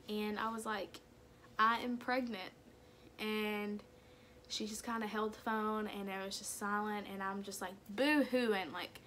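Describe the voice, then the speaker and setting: Young woman, candid confessional vlog, mid-range voice, casual filler-heavy delivery, faint background hiss. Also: mid-range voice. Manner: casual, full of "like" and "kinda" fillers; candid, soft-spoken about hard memories. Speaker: vlogger. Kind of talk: personal storytelling to camera.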